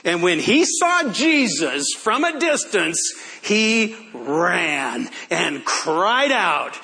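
Older man preaching, high bright voice, slow deliberate delivery, animated storyteller. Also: vocal fry. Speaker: pastor. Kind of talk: sermon.

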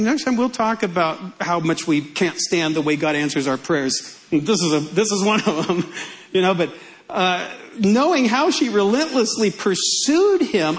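A man's voice: high-pitched, low-quality recording. A male pastor preaching a sermon in a humorous, conversational way.

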